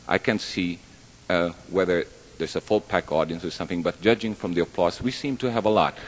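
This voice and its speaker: Low-voiced and brisk, a stage performer tells jokes at a live show, rambling along chattily and laughing at his own expense. He's in a large hall full of audience members. The audio has a long hall reverb plus a little hiss or hum.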